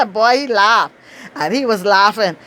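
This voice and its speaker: A middle-aged Bahamian woman with a Bahamian accent, telling a lively, outspoken story and laughing often. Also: slow. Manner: animated, outspoken, laughs often, acts out quotes in high bursts. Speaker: travel storyteller. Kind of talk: casual storytelling.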